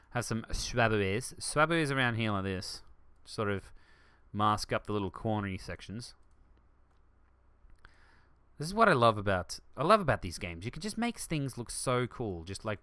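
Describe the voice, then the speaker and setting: Lively, bright-voiced man gaming. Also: lowish voice, smooth, no room sound. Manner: excitable, rambling, jumps to shouts. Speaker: let's play host. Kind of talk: gaming commentary.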